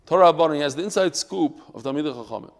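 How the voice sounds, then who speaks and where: A man teaching a daily Talmud class to a live group. He talks in an animated, emphatic way, mixes Hebrew and Yiddish terms into English, and tells stories. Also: on the high side, fast talker, in a large hall.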